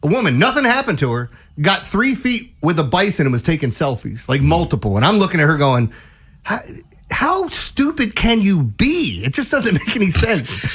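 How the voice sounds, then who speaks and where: A man hosting a casual sports radio show, telling animated stories with frequent laughter. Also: on the high side, a little fast, hardly any pauses, slightly rough. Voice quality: animated storyteller, laughs often.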